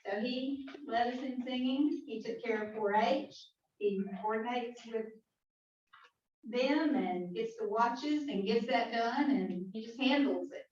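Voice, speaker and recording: A woman's voice: fairly high pitch, measured pace, a little mellow. Southern woman presiding at a club meeting, chatty thanks, dull distant room sound. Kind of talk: speech at a meeting. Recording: echoey hall from far off, dull sound.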